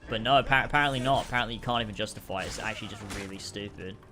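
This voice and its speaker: A man's voice: fairly low pitch, rapid-fire, music in the background. A young man casually commenting while playing a video game, sarcastic and swearing freely as he rants about its missions. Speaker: gaming streamer. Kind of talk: casual let's-play commentary.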